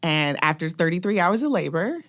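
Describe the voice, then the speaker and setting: A woman doula on a radio panel, telling her birth story with lively acted-out quotes. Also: lowish voice, brisk. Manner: lively storyteller who acts out quoted voices. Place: radio studio.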